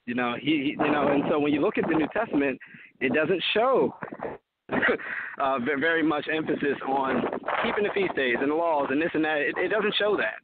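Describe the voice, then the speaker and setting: A man's voice: fairly high pitch, animated, moderate pace, heavy background noise. A man speaking as a Christian apologist guest on a call-in show, emphatic and preacherly. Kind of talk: call-in talk show debate. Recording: tinny phone-line call-in audio.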